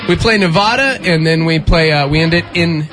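A man's voice: on the high side, brisk, music in the background. A man in his thirties telling a story in casual chat and acting out the voices of the people in it. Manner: animated, acts out voices in anecdotes.

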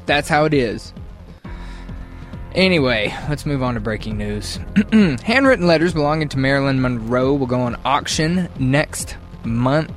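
A man hosting a morning radio show, bantering playfully and breaking into goofy high-pitched shouts. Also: expressive, measured pace, soft background music.

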